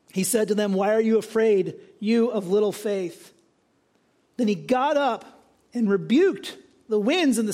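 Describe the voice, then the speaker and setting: A male pastor preaching a sermon in a conversational, animated way, often checking in with "right?". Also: sits high.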